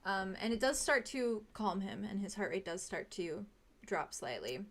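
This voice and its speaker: A woman narrating as game master of a tabletop game, chatty and quick to laugh, with many fillers. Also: mid-range voice, sing-song.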